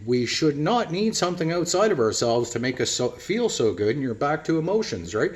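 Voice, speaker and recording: A middle-aged man giving a rambling casual monologue to his viewers, often calling them "people" and repeating his words. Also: fairly high pitch. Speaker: vlogger.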